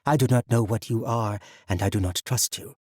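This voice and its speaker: A man's voice: fairly low pitch, brisk, darkish tone, no echo, clean studio sound, close to an everyday voice. A man doing a stern, distrustful woman elder. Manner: cold, distrustful, commanding.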